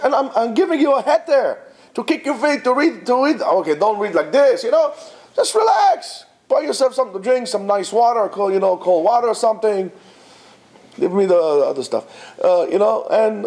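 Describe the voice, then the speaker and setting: Animated man giving a lively Torah talk. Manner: animated and exhortative, mixing Hebrew terms, swooping pitch. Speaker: rabbi teaching at a yeshiva. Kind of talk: informal Torah talk to students.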